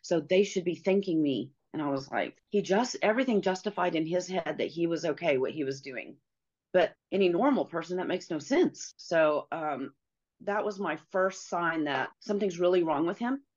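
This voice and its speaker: A middle-aged woman telling a personal story as a guest, earnest and halting, with many pauses and fillers. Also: on the low side, expressive, a little mellow, muffled recording.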